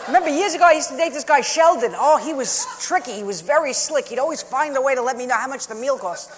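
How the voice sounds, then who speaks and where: A woman's voice: high voice, expressive, fast talker, in a large hall. A woman performing a stand-up comedy set with a punchy, wry delivery and dry asides.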